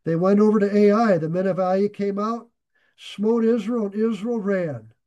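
A man's voice: high voice, steady tone, unhurried, warm tone, highs cut off. A middle-aged man preaching, reading scripture aloud and paraphrasing it in plain everyday words. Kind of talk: Bible teaching sermon.

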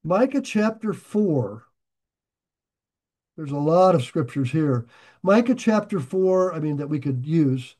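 High-voiced folksy older preacher man. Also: slow pace. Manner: folksy, animated preaching with jokes and sudden shifts of loudness. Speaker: pastor. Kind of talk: sermon.

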